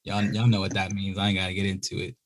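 Talking fast in a deep voice, a young man co-hosting a podcast shares a story during casual conversation. He performs the characters' voices with lively energy.

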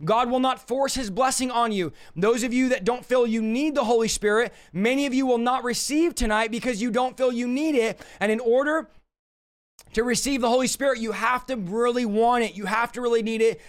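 Hoarse guy preaching on a stream, really high voice but smooth, pushing hard and repeating himself. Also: fairly quick. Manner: urgent, exhorting, repetitive. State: hoarse, scratchy throat. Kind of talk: livestreamed sermon and prayer.

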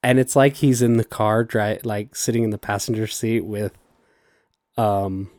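A man's voice: lowish voice, steady tone, unhurried, darkish tone, no room sound. Guy on a podcast rambling thru movie scenes, laughing a lot, dry close sound. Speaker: podcast host. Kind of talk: casual chat.

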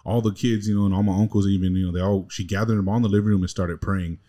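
A man's voice: sits low, steady tone, racing, mellow. A man co-hosting a podcast, telling a long family story in a rambling, slangy, casual way. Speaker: podcast co-host.

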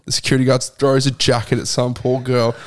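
A man's voice: medium pitch, flat delivery, a little fast. Rambling man telling a story. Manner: rambling, profane storytelling with many fillers. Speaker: podcast co-host. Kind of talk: casual chat.

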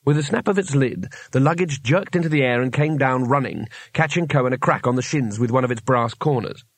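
A man narrating a fantasy novel audiobook in an even storytelling manner. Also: mid-range voice, brisk, few pauses, no room sound. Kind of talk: scripted narration.

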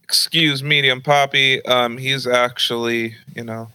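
A young man with a bright, forceful voice tells a story from his youth on a podcast. He talks casually and jumps into animated, high squeaky impressions of the women in his family. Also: unhurried, smooth, no room sound, rough recording. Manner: animated, acts out high-pitched voices of his mom and grandma. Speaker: podcast host.

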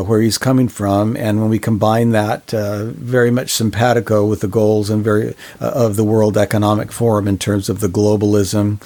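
A man's voice: on the low side, a little mellow. A man co-hosting a podcast in casual discussion, speaking earnestly with many fillers and restarts. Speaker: podcast co-host.

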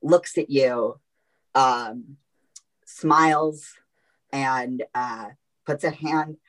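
Serving as game master for a tabletop role-playing game, a woman narrates haltingly and emotionally, using lots of fillers. The voice is bass and the audio quality is poor.

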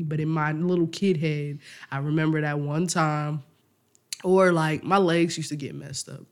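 A man's voice: on the high side, normal speed. A man co-hosting a podcast in casual chat, telling stories with lots of laughter, acting out quotes and swearing freely. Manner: animated storytelling, laughs often, acts out quotes, swears freely. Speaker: podcast co-host.

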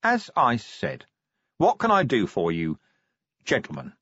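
A man voicing a gruff, angry middle-aged watch commander who is curt and sarcastic, holding his temper down. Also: medium pitch, huge pitch swings, measured pace, a bit bright, no room sound, muffled recording, exaggerated voice.

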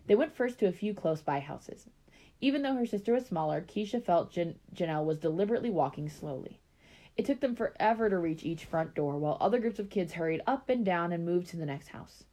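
A woman reading a story aloud in a relaxed way, breaking off now and then for chatty asides. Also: fairly low pitch, a little fast.

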